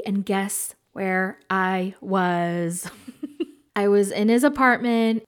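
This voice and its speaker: Candid, animated woman telling stories. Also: medium pitch. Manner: animated, candid, swears freely. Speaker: podcast host. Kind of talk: casual storytime chat.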